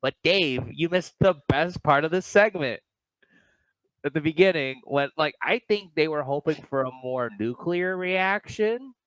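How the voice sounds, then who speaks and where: A man co-hosting a casual wrestling review chat, animated and quick to mimic others. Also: on the high side, clean tone, no echo. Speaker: podcast co-host.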